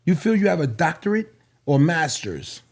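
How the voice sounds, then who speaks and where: Lively high-voiced man with a gravelly edge. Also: normal speed. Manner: animated, laughing storyteller. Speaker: podcast host. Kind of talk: casual chat.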